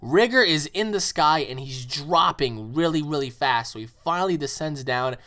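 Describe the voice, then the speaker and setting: A man casually retelling an action story, rambling and filling pauses with fillers. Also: a little high, expressive, pushed and bright. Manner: rambling, filler-heavy with "you know".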